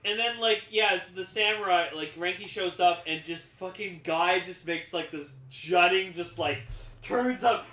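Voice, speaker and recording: A young man co-hosting a casual podcast chat, animated and laughing often. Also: high-pitched, unhurried, echoey room, poor audio. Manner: animated, laughs often, puts on silly voices. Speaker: podcast co-host.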